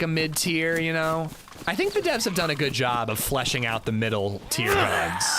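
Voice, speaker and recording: Rambling male game streamer, lively pitch. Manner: rambling, talkative, lots of "like" fillers. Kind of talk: casual livestream gaming commentary. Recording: noisy background hiss.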